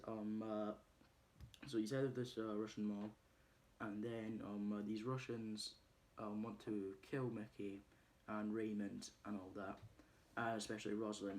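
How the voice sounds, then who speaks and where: A man's voice: fairly low pitch, little pitch movement, normal speed, a little mellow, slight background noise. A man casually recapping a film's plot in a rambling way, with many ums and uhs. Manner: rambling, many ums and uhs, laughs while retelling scenes. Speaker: movie reviewer.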